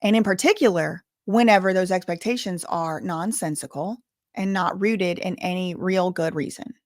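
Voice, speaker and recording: A woman's voice: fairly low pitch, moderate pace, a little mellow, dry recording. Candid Southern woman YouTuber, dry close sound. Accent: Southern US, softened. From US South, bayou country. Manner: candid, emphatic, repeats words for stress. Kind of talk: casual storytelling to camera.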